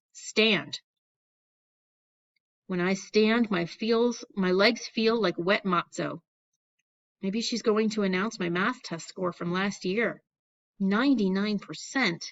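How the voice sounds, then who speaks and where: A woman's voice: medium pitch, unhurried, muffled recording. Woman reading a wry audiobook. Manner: wry, anxious storytelling of a young boy's thoughts. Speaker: audiobook narrator. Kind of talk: first-person audiobook narration.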